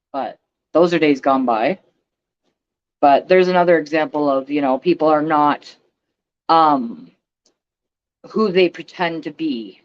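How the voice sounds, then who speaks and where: A woman's voice: low-pitched, dull audio. A woman ranting bluntly on a casual livestream, swearing and speaking emphatically. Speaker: vlogger.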